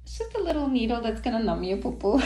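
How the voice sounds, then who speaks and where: A woman's voice: a little high, big pitch swings, normal speed, darkish tone, rough recording. A woman, a mother, chatting and soothing her daughter in a doctor's office, laughing often. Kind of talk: casual chat, comforting a child.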